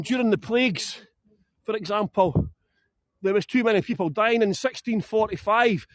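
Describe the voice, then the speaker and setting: A man's voice: high voice, dry recording. A Scottish man leading a live walking tour outdoors in a graveyard, chatty and joking. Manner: chatty and joking, laughs often. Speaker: tour guide.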